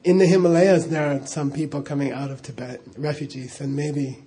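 Mellow-voiced man telling a rambling story. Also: fairly high pitch, fairly even intonation, a little fast. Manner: rambling, chuckling, full of "you know" asides. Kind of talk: casual spoken anecdote.

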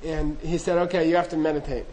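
A middle-aged man tells an audience a humorous, self-deprecating story about his monastery training, loose and anecdotal, acting out the dialogue. His voice is on the high side and darkish, his delivery flat and quick. The recording is low quality.

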